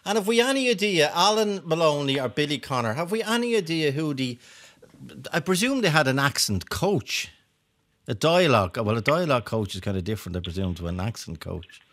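An Irish man hosting a radio chat with a bright, ringing voice pitched a touch high. He talks casually and teases his guests with a playful, jokey manner. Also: very animated, fairly quick. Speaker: radio host.

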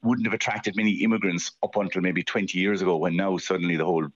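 A man's voice: low-pitched, steady tone, fast talker, highs cut off. A man from Cork with a Cork Irish accent, chatting wryly on a radio show as a guest, rambling and restarting. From Cork, Ireland. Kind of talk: casual radio chat.

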